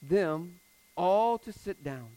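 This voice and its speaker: Male pastor, high-pitched, conversational sermon delivery with casual asides, dry sound. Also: expressive, takes it slowly, clean tone, no room sound, low-quality recording. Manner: conversational preaching with casual fillers; swings between emphatic and hushed.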